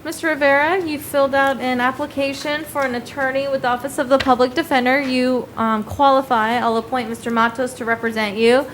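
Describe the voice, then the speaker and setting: High voiced lady judge, brisk and formal, courtroom with faint hum. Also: steady tone, a bit bright, poor audio. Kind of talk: court bond hearing. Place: courtroom with loud air vent.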